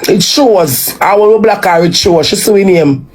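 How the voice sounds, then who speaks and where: A woman's voice: medium pitch, a little slow, darkish tone. A woman with a Jamaican accent, talking bluntly and casually on a live stream. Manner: blunt and unfiltered, drifting into Patois.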